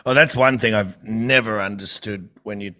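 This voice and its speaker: A bright, forceful man hosts a casual podcast conversation. He tells lively stories and laughs often as he talks. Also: on the low side, normal speed. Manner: animated storyteller, laughs often. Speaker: podcast host.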